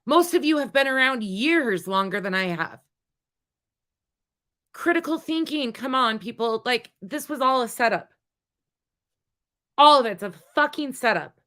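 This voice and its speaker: Woman venting live to her chat, angry and cussing, bright sharp voice. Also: on the high side, lively intonation, a little slow, long pauses. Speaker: livestream host. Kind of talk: heated casual livestream chat.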